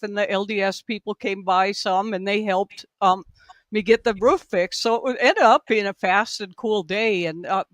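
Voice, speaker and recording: A woman recounts a story as a podcast guest, talking loosely and circling back with "like" and "um" as she goes. Her voice comes through a video call with a dry, close sound and no room echo. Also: medium pitch. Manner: rambling, filler-heavy, lots of "like" and "um". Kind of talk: casual storytelling.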